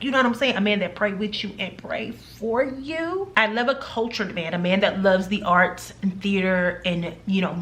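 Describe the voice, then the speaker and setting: A vlogger in her forties chats casually to camera with her viewers, playful and emphatic, tossing in teasing asides. Her voice is medium-pitched and a bit bright.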